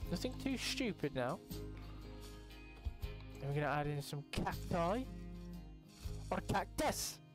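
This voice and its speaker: A young man giving casual, excitable gameplay commentary, swearing now and then and jumping into high exclamations. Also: a little slow, long pauses, music in the background. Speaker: gaming youtuber.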